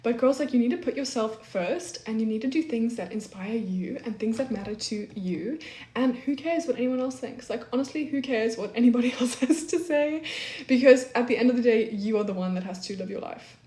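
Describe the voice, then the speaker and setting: A woman's voice: on the high side, brisk, warm tone. A young woman in her twenties chatting casually on a live stream, peppering her talk with "like" and reading comments aloud. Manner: chatty, peppers speech with "like", reads chat aloud. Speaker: livestream host. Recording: echoey room.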